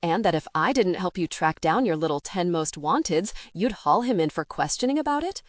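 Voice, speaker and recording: A woman's voice: fairly low pitch, expressive, a little fast, dry recording, studio quality, lightly acted. A woman voicing a sarcastic, irritable sixteen-year-old girl in an audiobook. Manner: sarcastic, snappy. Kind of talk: audiobook character voice.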